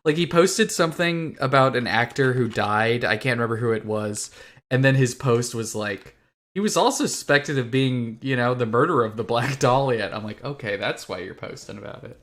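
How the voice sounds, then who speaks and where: A man's voice: mid-range voice, normal speed, a bit bright. A young man co-hosting a podcast in casual chat, laid-back and wry, swearing now and then. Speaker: podcast co-host.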